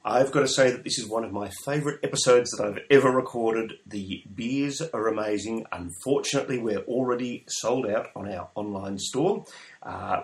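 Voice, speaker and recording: A middle-aged man hosting a beer podcast, upbeat and enthusiastic, with frequent "uh" fillers. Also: lowish voice. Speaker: podcast host. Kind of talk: casual interview podcast.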